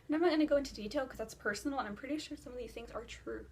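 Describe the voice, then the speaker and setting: High-voiced teen girl rambling with constant "like". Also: very fast, slightly rough. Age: teens. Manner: rambling, filler-heavy, says "like" constantly; breathless and animated while retelling a dream. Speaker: vlogger. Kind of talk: casual storytime chat.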